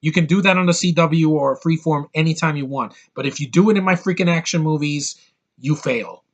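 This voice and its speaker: A man's voice: fairly high pitch, a bit bright, slightly rough. A man in his thirties giving an angry, profane movie review rant, hammering his points with emphatic repetition. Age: 30s.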